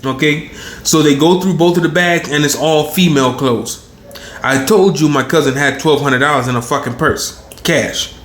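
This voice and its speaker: A man in his thirties telling a long personal story in a rambling, profane, animated way. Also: on the high side, normal speed. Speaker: channel host. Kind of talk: casual storytelling monologue. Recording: roomy echo.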